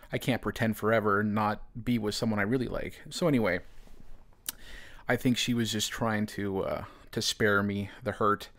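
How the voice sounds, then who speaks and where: A man's voice: fairly low pitch, creaky. A man hosting a podcast, telling a personal story in a casual, rambling way, full of fillers. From United States. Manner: rambling, heavy use of "you know" and "man". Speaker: podcast host.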